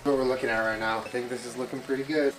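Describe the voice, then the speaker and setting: A man cooking in his home kitchen, talking through the steps in a relaxed, laid-back way. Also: medium pitch, rapid-fire. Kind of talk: casual cooking chat. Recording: roomy kitchen with clear music behind.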